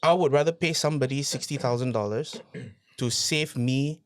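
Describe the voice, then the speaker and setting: A man, a podcast guest telling his business story in a casual interview, animated, repeating phrases and asking rhetorical questions. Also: medium pitch, moderate pace, no room sound, clean studio sound.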